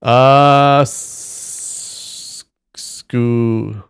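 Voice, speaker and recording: Man, live streamer, muttering to himself, very slow, dry close sound. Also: mid-range voice, fairly even intonation, vocal fry, clear, resonant tone, no room sound. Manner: slow, thinking aloud, sounding out syllables. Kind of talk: casual muttering while solving a word puzzle.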